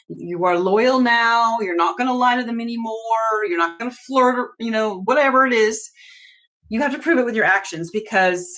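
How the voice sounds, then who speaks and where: A woman's voice: mid-range voice, a bit bright. A middle-aged woman hosting an astrology channel, talking casually and emphatically to her viewers, laughing often and giving blunt commands.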